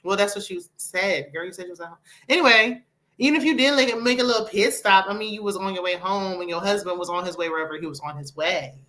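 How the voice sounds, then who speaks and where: Woman doing a reality show review, bright voice, sassy and opinionated, talking back at the screen. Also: medium pitch, quick pace. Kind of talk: casual commentary.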